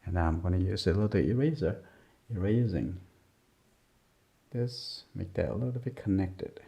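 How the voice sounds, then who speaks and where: A man teaching a drawing lesson as he works, talking softly in short, simple, broken phrases. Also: low-pitched, lively intonation, moderate pace, gravelly. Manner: soft-spoken, murmuring, simple broken phrasing. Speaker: art teacher. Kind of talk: drawing lesson narration while working. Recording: dull lo-fi sound.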